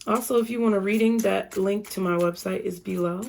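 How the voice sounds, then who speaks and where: Gravelly-voiced woman reading tarot. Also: mid-range voice, fairly even intonation, fairly quick, darkish tone, slight background noise. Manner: chatty, blunt and profane. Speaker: tarot reader.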